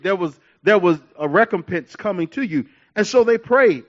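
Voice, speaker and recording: Male pastor, high voice, lively sermon delivery, muffled lo-fi recording. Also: normal speed, few pauses. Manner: animated preaching with laughs and repetitions.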